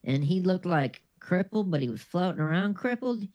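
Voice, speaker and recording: A man's voice: high-pitched, lively intonation, normal speed, muffled recording, a little hiss or hum. A man co-hosting a comedy podcast, swearing and teasing a caller in exasperated banter. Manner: crude, exasperated, mocking. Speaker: co-host. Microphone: video call.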